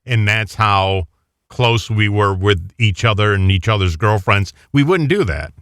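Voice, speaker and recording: Emphatic man co-host, lively pitch. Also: measured pace, clean tone, no echo, studio quality. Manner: emphatic, insistent. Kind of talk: casual chat.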